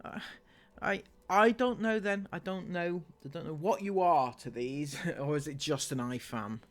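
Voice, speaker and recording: A man's voice: on the high side, measured pace. A man doing sarcastic commentary on online comments, laughing often. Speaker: commentary YouTuber.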